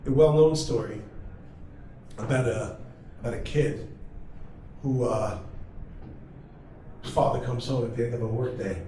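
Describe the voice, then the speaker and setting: A male rabbi teaching a class to students, energetic and humorous, telling stories and firing off rhetorical questions. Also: mid-range voice, measured pace, pauses often. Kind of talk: lively classroom lecture with storytelling. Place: large study hall. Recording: very echoey hall, mic far off, faint noise.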